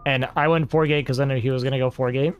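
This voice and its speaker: A man's voice: medium pitch, fairly even intonation, fast, smooth, muffled recording. Rambling man chatting on a livestream. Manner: rambling and talkative, reading chat aloud. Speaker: livestream host. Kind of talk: casual chat to a stream audience.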